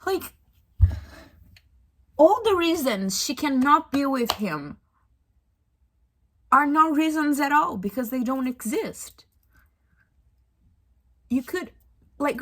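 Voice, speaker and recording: Young female book vlogger, higher voice, slow and drawn-out, fed-up, sighing and swearing through her reactions. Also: animated. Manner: exasperated, ranting with frequent sighs and swearing. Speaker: book reviewer. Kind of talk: casual book-reading reaction vlog.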